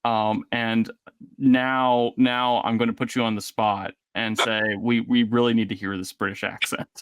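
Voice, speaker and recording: A man's voice: medium pitch, flat delivery, unhurried, clean tone, no room sound. A man hosting a casual interview, talking in a rambling way with many fillers and restarts. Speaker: interviewer host.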